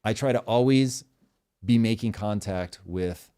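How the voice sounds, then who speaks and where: A man in his forties with a fairly low voice, hosting a show in casual chat. He talks emphatically, swears freely and tells his stories with energy. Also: unhurried, clean tone. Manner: emphatic, profane, animated storytelling. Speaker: podcast host.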